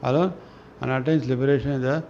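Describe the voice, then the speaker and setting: A man reading spiritual scripture aloud in a slow, halting way, often restarting words and clearing his throat. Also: medium pitch, fairly even intonation, a little mellow. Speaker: reader of a spiritual newsletter. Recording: dull lo-fi recording with faint noise.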